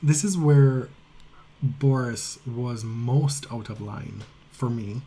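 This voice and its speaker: A man's voice: mid-range voice, takes it slowly, dark tone. A man co-hosting a casual podcast chat, retelling stories and reading tweets aloud in a conversational way. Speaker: podcast co-host.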